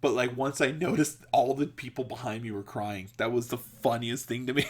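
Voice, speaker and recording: A man's voice: mid-range voice, steady tone, fairly quick. A man hosting a podcast, telling a story in a casual, rambling way, with frequent laughter, restarts and filler words. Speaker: podcast host.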